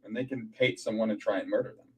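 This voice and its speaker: A man asking halting, filler-heavy questions in a casual video call chat. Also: on the low side, fairly even intonation, husky, distant mic, poor audio.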